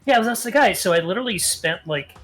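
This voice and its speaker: Earnest guest telling an excited story. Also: medium pitch, brisk, over music. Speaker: podcast guest. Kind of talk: casual storytelling chat.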